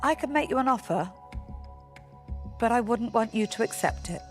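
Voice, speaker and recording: A woman, an investor on a panel, speaking frankly and deliberately. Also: on the high side, animated. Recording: light music underneath.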